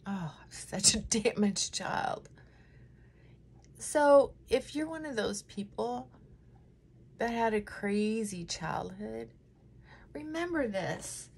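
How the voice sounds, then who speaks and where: A woman's voice: on the high side, lively intonation, takes it slowly, creaky, long pauses, a little hiss or hum. A middle-aged woman chatting emotionally and candidly while doing her makeup at home, close to tears at times. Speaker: vlogger.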